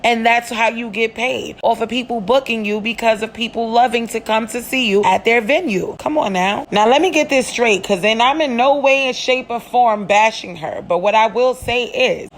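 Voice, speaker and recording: A woman's voice: on the high side, moderate pace, few pauses, a little hiss or hum. A woman, giving blunt, earnest commentary as a vlog host. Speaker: commentary vlogger.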